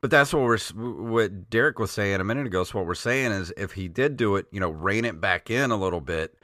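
Bright-voiced, laid-back podcast host, man. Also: lowish voice, no echo, studio quality. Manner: laid-back, filler-heavy, drops into quick impressions. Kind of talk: casual chat about games and movies.

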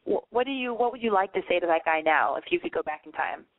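A woman's voice: on the low side, animated, quick pace, no echo. A woman radio host talking in loose, rambling, profane bursts, giving advice to callers. Her voice has a narrow, phone-like sound and a dry, close feel. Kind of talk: casual advice talk.

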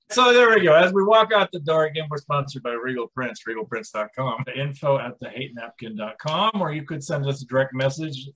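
Rambling podcast guy in his 40s, laughs a lot, pretty bright tone. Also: medium pitch, poor audio. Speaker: podcast co-host. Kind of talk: casual podcast chat.

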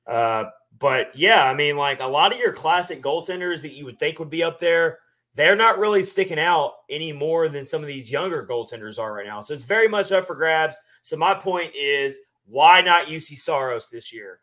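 A man co-hosting a sports podcast, talking casually and at length with relaxed fillers. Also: fairly high pitch. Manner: relaxed, talkative, drawn-out fillers. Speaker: podcast co-host.

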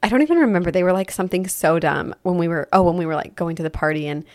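A woman's voice: on the low side, very fast, no room sound, studio quality. A young woman and mother co-hosting a podcast in casual chat, telling stories animatedly with many filler "likes". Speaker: podcast co-host.

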